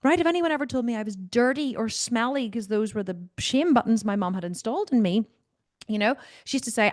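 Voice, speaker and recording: A woman's voice: fairly high pitch, expressive, brisk, no echo, clean studio sound. A woman hosting a live video Q&A, telling a story in a candid, blunt way and swearing freely. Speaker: host. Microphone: video call mic.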